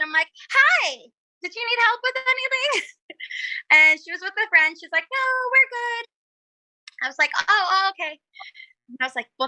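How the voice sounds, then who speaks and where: A woman's voice: high voice, pushed and bright, dry recording, poor audio. A young woman, a cosplayer guest on a casual podcast, telling stories in a bubbly, giggly way and acting out quotes.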